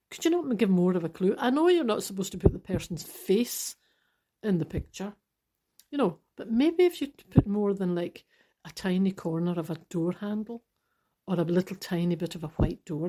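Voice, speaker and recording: A middle-aged Scottish woman hosting a podcast, telling rambling stories in a lively, laughing way. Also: medium pitch. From Scottish Highlands. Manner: animated, laughing, rambling storyteller. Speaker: podcast host. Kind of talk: chatty solo monologue.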